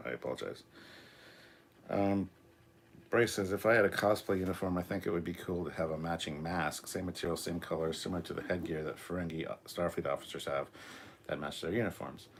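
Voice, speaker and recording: A man's voice: low-pitched, fairly quick, husky. A Canadian man in his forties, hosting a casual live reaction stream, rambling with many ums, reading chat aloud and apologizing for a cough. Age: 40s. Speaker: livestream host.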